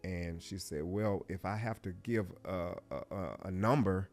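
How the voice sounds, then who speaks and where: In a low, steady, unhurried voice, a middle-aged man tells a personal story as an interview show guest. He reflects with heartfelt feeling, frequently falling to a hush and halting.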